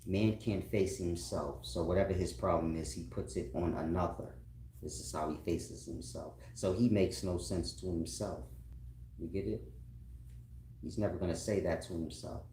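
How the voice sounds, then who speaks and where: Low-voiced guy ranting casually, swears a lot, laughs a bunch, echoey room w faint hum. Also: darkish tone. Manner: rambling, profane, often laughing. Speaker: online commentator. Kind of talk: casual monologue. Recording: roomy echo.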